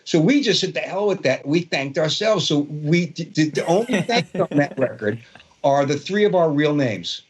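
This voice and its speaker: A man's voice: fairly high pitch, lively intonation, normal speed, a little hiss or hum. A man in his sixties from Brooklyn with a Brooklyn accent, a guitarist telling rambling stories in an interview with many fillers and restarts. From Brooklyn, New York. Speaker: guest guitarist. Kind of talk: casual storytelling interview.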